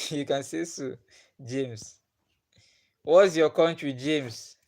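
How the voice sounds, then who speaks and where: A young man with a Nigerian accent hosts a casual live stream, reading out viewers' names and chatting with them. He talks at an easy, drawn-out pace in a slightly high voice and laughs often between questions. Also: a little mellow. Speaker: livestream host.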